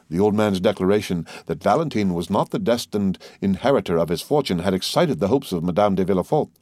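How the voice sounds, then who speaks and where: A man reading a classic novel aloud as an audiobook narrator, in a steady, even manner. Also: low-pitched, fairly quick, few pauses, no echo. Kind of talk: scripted narration.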